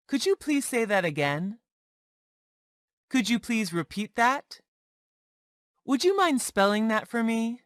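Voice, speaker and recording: A woman reads learner phrases one by one at an unhurried pace. Her pitch moves a lot between lines. The sound is close and dry, with no room around it. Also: fairly bright tone, no room sound. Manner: slow, deliberate drill reading, one phrase at a time. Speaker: English teacher. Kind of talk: reading practice phrases for learners.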